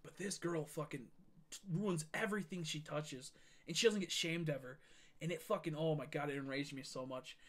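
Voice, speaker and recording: A man's voice: on the high side, moderate pace, fairly bright tone. A young man streaming a game, telling a long heated story in a casual, profane rant full of fillers and restarts.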